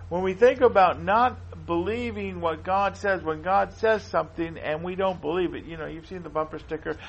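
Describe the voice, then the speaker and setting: A man's voice: high voice, lo-fi sound. A man preaching a sermon in an earnest way, often repeating himself and reading scripture aloud.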